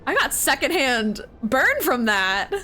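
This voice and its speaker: A young woman chatting through a game stream, excitable and giggly, quick to get emotional. Her voice is bright and lifted, bouncing all over the place. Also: high voice, a little hiss or hum. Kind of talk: casual game streaming commentary.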